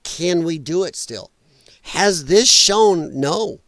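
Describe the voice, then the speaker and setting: A man's voice: on the high side, expressive, slow pace, a bit bright, dry recording. A man hosting a podcast, delivering a heated, profane political rant in an emphatic, exasperated way. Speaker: podcast host.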